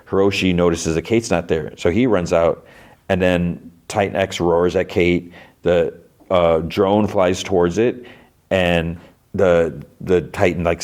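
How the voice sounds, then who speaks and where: Male podcast host, deep voice, casual rambling recap style. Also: a little mellow. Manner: rambling with many fillers, briefly acting out characters' lines in a raised voice.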